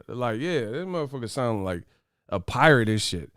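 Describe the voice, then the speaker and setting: A brash man riffing straight to his viewers, profane and mocking as he trash-talks a fighter. His voice sits at an ordinary pitch for a man, recorded close and dry with no room around it. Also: lively intonation, brisk, fairly bright tone, clean tone, no room sound. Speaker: host of a boxing commentary channel. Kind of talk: casual commentary to camera.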